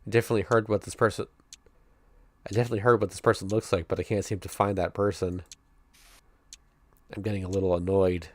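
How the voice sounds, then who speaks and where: A man streaming, reading a visual novel aloud in steady first-person narration and breaking off now and then with chuckling asides. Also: low-pitched, fast talker, long pauses, no room sound.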